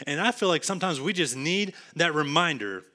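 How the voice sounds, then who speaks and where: A man from Texas with a Texan accent, preaching a sermon earnestly, going from emphatic to hushed. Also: on the high side, expressive, brisk. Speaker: pastor.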